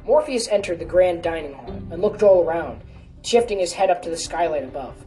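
A woman's voice: lowish voice, expressive, brisk, dark tone. A woman narrating a story in a casual reading voice, now and then correcting herself. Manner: casual, with small self-corrections. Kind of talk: storytelling reading of a fan fiction. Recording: distant mic with faint music.

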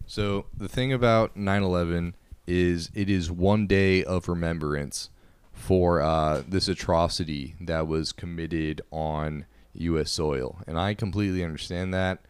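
A young man with a very low, smooth voice co-hosts a podcast. He rambles in crude, casual banter, heavy on fillers. The close mic sounds dry. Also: fairly even intonation, measured pace, no room sound. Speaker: podcast co-host. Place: indoor room, couch.

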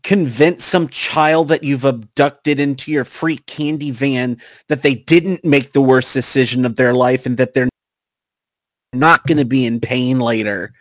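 A man's voice: medium pitch, unhurried, no echo. A young man on a comedy podcast, exasperated and mock-disgusted, protesting every turn of a friend's story. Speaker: podcast co-host. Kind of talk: casual comedic chat.

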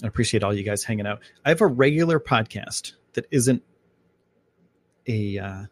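A man's voice: lowish voice, animated, normal speed. A man hosting a casual live podcast, talking in a loose, rambling, chatty way full of fillers, from home. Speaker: podcast host.

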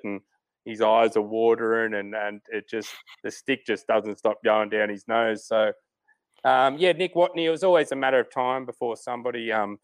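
A man's voice: lowish voice, normal speed, dry recording. Rambling man, dry sound. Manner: rambling, many fillers and restarts. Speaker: golf podcast co-host. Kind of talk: casual sports chat.

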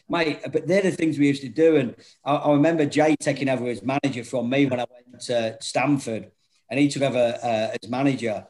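A man's voice: mid-range voice, fairly quick. A middle-aged man, telling rowdy anecdotes in casual chat, laughing often and swearing freely. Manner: laughing, swearing, animated storytelling.

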